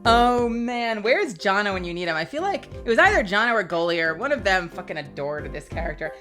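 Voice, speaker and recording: A young woman streaming a game, chatting casually, with excitable, swearing reactions. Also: mid-range voice, a little fast, over music.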